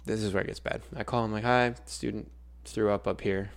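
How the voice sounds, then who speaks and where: A young man with a low, gravelly voice, chatting casually on a podcast. He tells his story with energy and jumps into loud, acted-out quotes of the people in it. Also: fairly quick. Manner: animated storyteller, acts out quotes loudly. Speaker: podcast co-host, schoolteacher.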